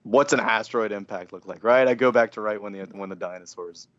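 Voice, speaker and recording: A man's voice: on the low side, a little fast, fairly bright tone, no echo, highs cut off. A man talking as a guest in a casual chat, rambling with lots of fillers.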